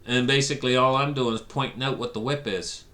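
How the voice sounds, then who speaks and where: A man delivering an animated, sarcastic ranting monologue with stories. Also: mid-range voice, brisk. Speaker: commentator.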